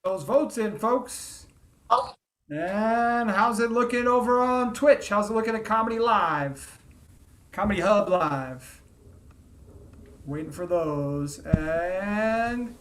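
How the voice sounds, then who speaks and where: Male host for an online comedy contest, upbeat, unhurried delivery. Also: sits high, a bit bright. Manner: upbeat announcer.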